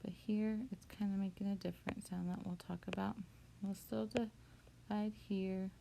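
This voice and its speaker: A woman teacher walking through a spelling lesson, patient and steady as she breaks words into syllables. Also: mid-range voice, moderate pace, creaky, noisy background.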